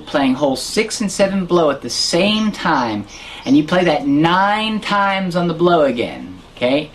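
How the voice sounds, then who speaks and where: A woman's voice: on the low side, slight background noise. A woman teaching harmonica in an online lesson, patiently explaining and counting beats aloud.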